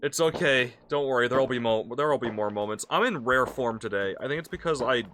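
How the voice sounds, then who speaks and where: A man's voice: mid-range voice, fast, noisy background. A young man streaming a game, joking crudely with chat and laughing easily. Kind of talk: casual let's-play chat.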